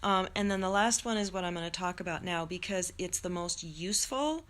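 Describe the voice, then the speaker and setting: Chatty woman teaching meditation. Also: fairly low pitch. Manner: chatty and animated, laughing, then slow soothing guidance. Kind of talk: live-streamed meditation class. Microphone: phone or computer mic.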